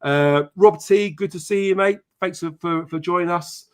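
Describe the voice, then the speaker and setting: Male host, brisk and profane, slightly high voice, reeling off viewer shout-outs. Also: smooth. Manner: chatty and profane, greeting viewers by name. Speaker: podcast host. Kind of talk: casual live-stream chat.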